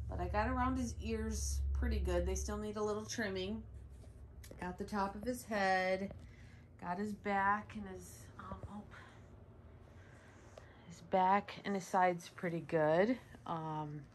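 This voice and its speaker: A woman's voice: medium pitch, a bit bright, slight background noise. A woman, host of a home vlog, chatting casually while grooming her dog indoors and cooing at it between asides. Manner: chatty and rambling, coos at the dog. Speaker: dog owner and channel host. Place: indoors at home, sunny room by windows. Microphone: camera set up nearby.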